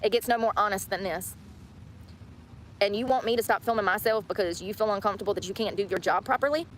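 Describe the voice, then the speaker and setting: A woman's voice: medium pitch, fast talker, a little hiss or hum. A woman livestreaming herself, ranting in an indignant way and repeating herself as she tells her story.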